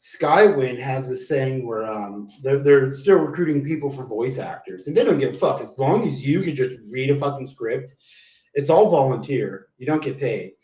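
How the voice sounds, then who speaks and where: A man's voice: mid-range voice, animated, moderate pace, a little mellow. A man livestreaming, telling rambling stories in a casual, profane, slangy way and saying "dude" a lot. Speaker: live streamer. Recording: roomy, distant mic.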